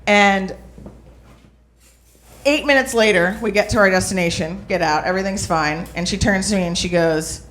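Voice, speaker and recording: A woman's voice: mid-range voice, normal speed, a bit bright, slight background noise. A young woman doing a stand-up comedy set, telling stories brashly and checking in with the crowd. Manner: brash storytelling with crowd asides. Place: small comedy club stage. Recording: roomy club with audience laughter.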